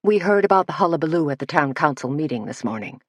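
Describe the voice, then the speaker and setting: A woman's voice: deep voice, animated, fast talker, no room sound. Theatrical gossipy guy stylist played by a woman narrator, dry close sound. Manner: theatrical, shrieking. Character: gossipy, flamboyant male hair stylist.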